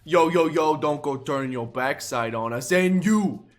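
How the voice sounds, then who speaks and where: A man voicing a rowdy young gang thug who talks in brash street slang and shouts. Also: on the high side, unhurried, close to an everyday voice.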